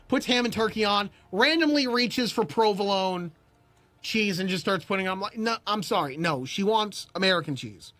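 A young man on a livestream tells a story with a very lively, swooping pitch. He acts out every character himself, jumping to near-shouts of disbelief and dropping to a low mutter. Faint music plays under his voice. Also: moderate pace. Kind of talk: animated storytelling chat.

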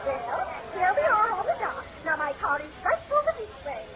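An actress playing a gushing, starstruck rich society matron with a fluttery manner, in 1930s radio comedy. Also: female voice, extremely high pitch, very animated, moderate pace, highs cut off, over a noisy crowd. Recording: scratchy, very hissy 1930s radio recording.

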